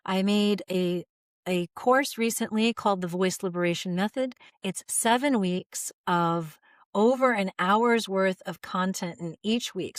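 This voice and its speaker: A woman in her forties speaking as a voice teacher in an instructional video. Her delivery is calm and gently guiding. The sound is close and dry, with no room echo. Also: mid-range voice.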